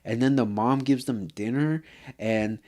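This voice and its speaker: A man vlogs a hot-tempered, swear-filled rant about an anime, leaning on "bro" constantly and rambling through fillers and restarts. His medium-pitched voice is a touch slow and a little mellow.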